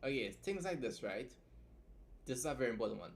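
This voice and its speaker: A man's voice: medium pitch, expressive, fairly quick, a little hiss or hum. A tired young man streaming a casual writing tutorial, chatty and loose, often tagging his points with "right?". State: tired from staying up long. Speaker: writing streamer teaching editing.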